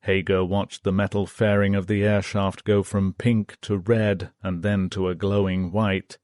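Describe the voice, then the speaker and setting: A man narrating a history audiobook in a steady, measured reading. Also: low voice, no room sound, clean studio sound.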